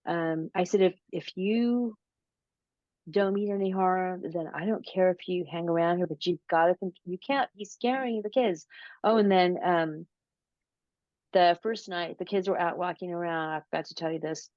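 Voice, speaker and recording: This is a lower-pitched woman, recorded dry and close with dull, lo-fi sound. She talks slowly and casually, drawing out her story with plenty of "um"s and restarts. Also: no room sound. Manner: slow, drawn-out storytelling with many fillers. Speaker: interview guest, paranormal researcher. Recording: dull lo-fi audio.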